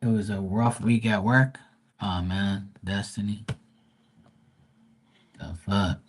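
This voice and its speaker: A man's voice: fairly low pitch, steady tone, unhurried, slight background noise. A man reading tarot cards and chatting casually with viewers on a live stream, calling them by name and swearing lightly.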